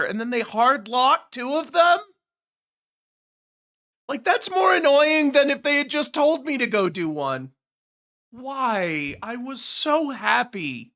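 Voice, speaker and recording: A man's voice: very high-pitched, sing-song, a little slow, pushed and bright. A man casually chatting with viewers while streaming a game, sarcastic and easily exasperated. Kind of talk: casual gameplay livestream chat.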